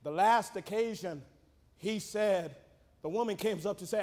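A man preaching a sermon in a church, shifting between fast joking asides and loud shouted climaxes. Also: high-pitched. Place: church sanctuary. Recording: reverberant church hall.

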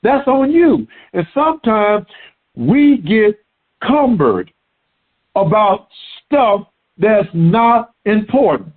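A man preaching a sermon in an animated way, repeating words for emphasis. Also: sits high, slow pace, breathy edge. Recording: tinny phone-like sound.

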